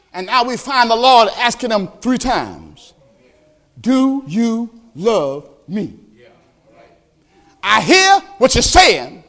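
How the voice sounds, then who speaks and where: A male pastor preaching a sermon, animated, asking the congregation questions directly. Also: high voice.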